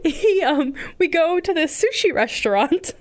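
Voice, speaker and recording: A woman's voice: extremely high pitch, expressive, measured pace. A woman co-hosting a casual chat, retelling events with exasperation and laughing easily.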